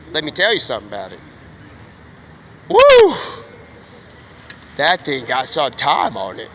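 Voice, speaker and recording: A man live streaming outdoors, rambling excitedly in slangy talk as he jumps from one topic to the next. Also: medium pitch, normal speed. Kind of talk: rambling stream-of-consciousness monologue.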